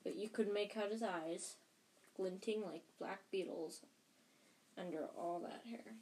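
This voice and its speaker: A woman's voice: mid-range voice, measured pace, a little mellow, a little hiss or hum. A woman reading a children's novel aloud for her podcast, in a plain, unpolished style with frequent restarts. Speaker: audiobook reader and podcast host. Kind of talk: casual audiobook reading.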